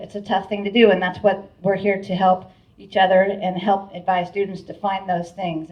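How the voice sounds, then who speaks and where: A woman's voice: medium pitch, far from the mic. A middle-aged woman giving a grateful, heartfelt speech at a live event, her talk full of restarts and little fillers. She sounds set back from the mic, and the recording is dull and muffled. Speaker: board chair giving a speech. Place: event hall with an audience.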